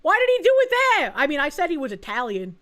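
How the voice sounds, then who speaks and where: A woman's voice: high-pitched, big pitch swings, fast talker, fairly bright tone. A woman hosting a live stream, chatting bluntly and crudely while thanking donors. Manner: blunt, crude, reads donations aloud. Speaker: streamer host. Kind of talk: casual chat.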